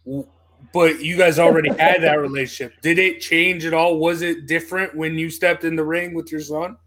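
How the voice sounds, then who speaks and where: A man's voice: on the high side, flat delivery, normal speed, fairly bright tone. A man hosting a casual podcast, asking questions in a friendly way with many fillers. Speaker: podcast host.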